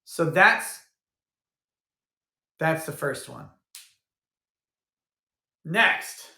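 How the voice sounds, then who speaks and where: A man talks casually on a livestream, rambling and thinking out loud with frequent restarts. His voice sits fairly high for a man and comes across bright and forceful. The room around him gives off a noticeable echo. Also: very animated, extremely slow, gravelly. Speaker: livestream host. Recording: roomy echo.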